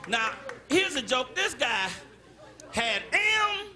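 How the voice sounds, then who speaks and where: A man doing a live stand-up set, loud and animated, repeating his punchlines and phrases for effect. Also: very high voice, slow pace, a faint crowd. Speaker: stand-up comedian. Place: comedy stage with live audience.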